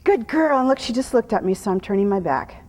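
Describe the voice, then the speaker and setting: Woman horse trainer, higher voice, gentle. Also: quick pace, long reverb tail. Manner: calm teaching voice, breaking into soft praise and hushed whispers to the horse. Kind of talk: live clinic demonstration, explaining while working a horse. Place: horse arena during a clinic.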